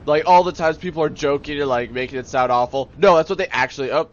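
A man's voice: a little high, fast talker, lo-fi sound, slight background noise. A man hosting a let's play, rambling and sarcastic in his gameplay commentary. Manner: sarcastic, rambling, easily annoyed.

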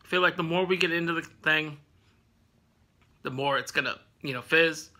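A man's voice: a little high, normal speed, pushed and bright. A man hosting a casual snack review vlog at home, rambling with lots of fillers and laughing often.

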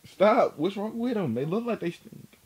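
A man's voice: high voice, animated, moderate pace, dark tone, slight background noise. A young adult man, a vlogger, teasing his girlfriend in a casual prank video. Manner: teasing, playful.

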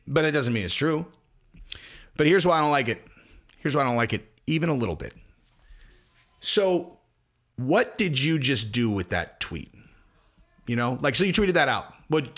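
A man rambles through a casual commentary monologue, swearing freely and slipping into quick acted-out voices. His pitch swings widely around a middle-range voice. He speaks as the host of his own channel. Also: fairly bright tone. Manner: profane, rambling, acts out voices mid-story.

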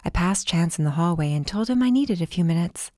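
A woman narrating a first-person audiobook in a calm, measured way. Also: on the low side, no echo, clean studio sound.

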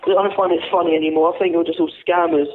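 A man's voice: a little high, flat delivery, quick pace, a crowd in the background. A man from the UK on a phone call, exasperated and pleading as he asks for a refund. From United Kingdom. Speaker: prank call target. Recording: tinny phone line.

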